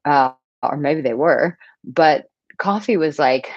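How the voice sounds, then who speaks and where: A woman in her thirties, a dating coach, talking casually to camera with animated storytelling and playful asides. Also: low voice, takes it slowly, no room sound, muffled recording. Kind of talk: casual advice talk to camera.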